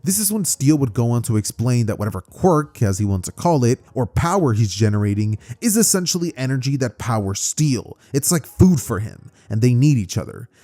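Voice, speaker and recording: A man's voice: medium pitch, animated, brisk, hardly any pauses, mellow. A man telling a fan-made story in a casual, rambling, conversational way, with plenty of fillers.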